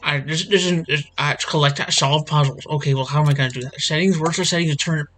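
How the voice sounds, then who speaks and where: This male gaming channel host talks quickly in a slightly high, fairly bright voice with fairly even intonation. He is at his computer desk with a desk microphone, giving playthrough commentary that turns into increasingly exasperated self-directed ranting. Slight background noise is present.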